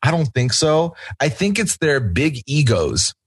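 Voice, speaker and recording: A man co-hosting a podcast, chatting casually and giving opinionated takes with quick asides. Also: on the high side, very animated, husky. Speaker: podcast co-host. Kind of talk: casual chat recapping a reality show.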